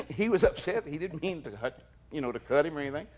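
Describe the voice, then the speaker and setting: A man telling an old story in an interview, acting out what others said with sudden loud bursts. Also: a little high, expressive, quick pace. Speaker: interviewee, former bodyguard. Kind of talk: storytelling anecdote.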